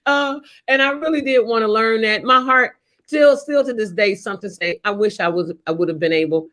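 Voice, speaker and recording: A high-voiced woman hosts a relaxed talk show. She tells stories with energy, acts out the people in them loudly, and laughs a lot. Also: fairly quick. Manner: animated, shouts when quoting people, laughs often. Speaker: host. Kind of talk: casual storytelling chat.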